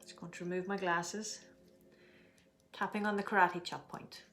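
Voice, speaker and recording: A middle-aged woman leading a guided tapping session, giving slow, soothing instructions and stretching out repeated affirmations. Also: fairly low pitch, flat delivery, a bit bright, soft background music. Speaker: tapping and breathing teacher.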